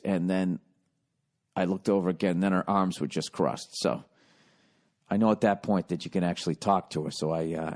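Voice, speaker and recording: Podcast host in his forties, low-voiced man, swears a lot, gets loud and animated telling stories. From United States. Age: 40s. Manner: profane, animated, loud when retelling. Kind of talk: comedic storytelling rant.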